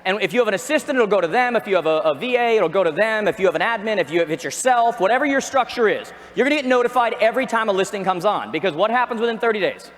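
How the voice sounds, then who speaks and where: Man, high voice, energetic seminar speaker, quizzes the crowd, big reverb arena. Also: rapid-fire, few pauses. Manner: energetic, asks the audience questions, jokey. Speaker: real estate trainer. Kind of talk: motivational seminar talk. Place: large arena. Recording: echoey arena with long reverb.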